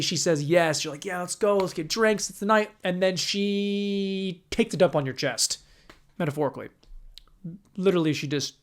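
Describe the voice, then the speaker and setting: A young man hosting a podcast, telling a rambling, profane story on his own and acting out the quoted voices. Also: a little high. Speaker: podcast host. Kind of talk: casual solo storytelling.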